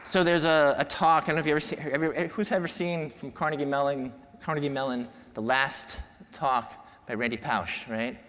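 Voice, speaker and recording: A man giving an emotional conference talk, heartfelt and halting, often repeating words and restarting. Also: fairly high pitch, steady tone, a bit bright, a little hiss or hum. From New York. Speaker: podiatrist giving a keynote talk. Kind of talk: emotional speech to a conference audience. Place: large conference hall. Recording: long hall reverb.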